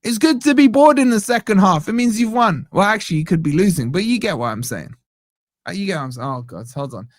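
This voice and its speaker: A young man in a slightly higher register, hosting a casual live match reaction stream. He rambles, jokes and keeps cutting himself off mid-thought. The sound is dry and close to the mic. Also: very animated, fast talker, no room sound. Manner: rambling, self-interrupting, jokey. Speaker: fan channel host.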